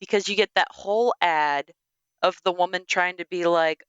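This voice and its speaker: A woman co-hosting a podcast in casual review chat, animated and exclamatory, leaning on "like" as she talks. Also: on the low side, moderate pace, smooth, dry recording, highs cut off. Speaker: podcast co-host.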